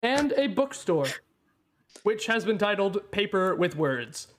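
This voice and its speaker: Halting, laid-back male game master. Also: high voice, big pitch swings, a little hiss or hum. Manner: reads a list of punny names, breaking into laughter. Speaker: dungeon master. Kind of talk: narrating a tabletop game.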